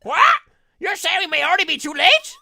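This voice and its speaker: Man doing a gravelly, pushy crab guy, swinging pitch. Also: very animated, fairly quick, pushed and bright, heavily acted. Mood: eager. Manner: brash, eager. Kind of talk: voicing game dialogue.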